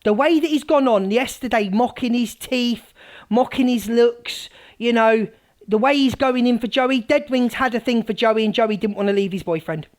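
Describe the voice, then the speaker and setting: A woman hosting a live stream, ranting scathingly at rivals, mocking them and swinging from loud outbursts to low mutters. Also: normal speed. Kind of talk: heated live-stream rant.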